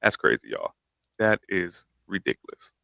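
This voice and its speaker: A man's voice: sits low, huge pitch swings, moderate pace, creaky, no room sound, dull audio. A man hosting a reaction video, giving casual commentary over clips with emphatic, hyping interjections.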